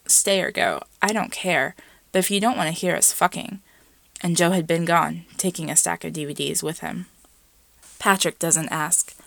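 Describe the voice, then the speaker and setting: A woman reading a story aloud in a measured, hushed narration. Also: fairly low pitch, creaky, no room sound. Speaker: reader.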